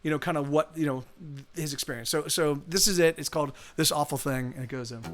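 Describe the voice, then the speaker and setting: Man, casual storytelling, rambling, lots of restarts, slightly high voice, faint music behind. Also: fast talker. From United States. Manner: rambling, many restarts and "you know"s. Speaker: musician streaming live. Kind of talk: casual storytelling to a live stream. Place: home streaming setup.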